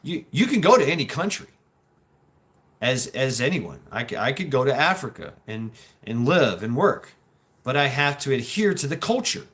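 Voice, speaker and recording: A man hosts his own stream and talks off the cuff. His delivery is halting and rambling, with restarts, swearing and laughs as he answers chat. His pitch sits in an ordinary middle range. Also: very animated, a bit bright. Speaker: livestream host reading chat. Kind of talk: casual talk, reacting to chat.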